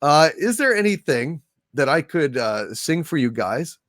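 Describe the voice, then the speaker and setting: A man hosting a casual livestream, thanking viewers by name in a soft, halting way. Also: fairly high pitch, very animated, no echo, studio quality. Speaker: livestream host. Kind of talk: casual livestream chat, reading viewer donations.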